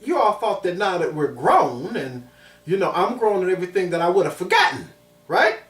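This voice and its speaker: A man in his thirties from Chicago tells a story with lots of emphasis and repeated phrases. His pitch swings widely as he talks. The voice sounds roomy and distant, with the mic set well away from him. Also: big pitch swings, moderate pace, fairly bright tone. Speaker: vlogger. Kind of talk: personal storytelling.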